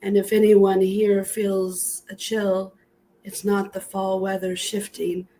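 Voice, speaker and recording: Flat ominous woman voice. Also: mid-range voice, slow, poor audio. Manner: ominous, monotone. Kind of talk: spooky announcement.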